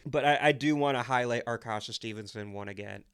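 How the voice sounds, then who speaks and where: Enthusiastic man with a smooth voice. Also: medium pitch, fairly bright tone. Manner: enthusiastic, emphatic, with quick restarts. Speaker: podcast co-host. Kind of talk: casual movie chat.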